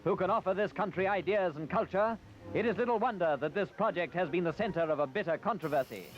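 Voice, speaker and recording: A man's voice: high voice, fast talker, highs cut off. A man giving formal, declamatory archival newsreel narration.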